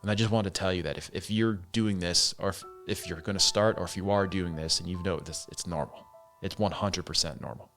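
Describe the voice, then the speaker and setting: A man with a lowish voice talks on his own, loose and candid, swearing now and then and calling the listener "man". Faint music plays under him. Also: fairly even intonation, fairly quick, few pauses, a bit bright. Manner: candid, swears freely, says "man" and "dude". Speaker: podcast host. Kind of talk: casual solo monologue.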